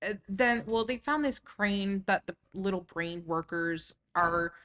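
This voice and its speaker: A woman's voice: mid-range voice, unhurried, fairly bright tone. A woman co-hosting a podcast, recapping a film casually with fillers and restarts. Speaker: podcast co-host. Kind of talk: casual movie discussion.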